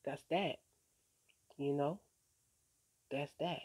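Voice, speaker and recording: Drawing out her words in a low, somewhat mellow and slightly rough voice, a woman speaks in a relaxed, faith-centered vlog. She's streetwise, swears offhandedly, cheers viewers on, and often repeats "you know what I'm saying."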